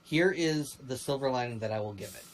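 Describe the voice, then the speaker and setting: A man co-hosting a livestream in casual chat, rambling and animated, with many fillers and restarts. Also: medium pitch, brisk, a little hiss or hum, rough recording. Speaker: stream co-host.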